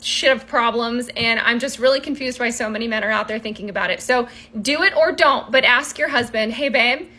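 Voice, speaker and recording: A woman's voice: on the high side, fairly quick, hardly any pauses, sharp tone. A woman in her thirties telling a rambling, exasperated story straight to camera as a vlogger.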